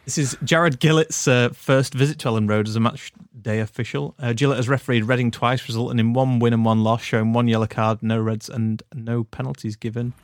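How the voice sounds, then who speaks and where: A man's voice: mid-range voice, fairly even intonation, a little fast, hardly any pauses, no echo. A young man co-hosting a football podcast, chatting easily with dry jokes and reading out stats. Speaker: podcast co-host. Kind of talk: casual chat.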